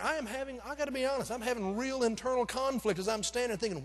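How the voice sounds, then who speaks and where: A middle-aged man preaching in a church, telling a personal story in an animated, self-deprecating way that acts out the scenes. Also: extremely high pitch, fast talker, hardly any pauses. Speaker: pastor. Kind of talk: storytelling sermon. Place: church sanctuary. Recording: long reverb of a church sanctuary.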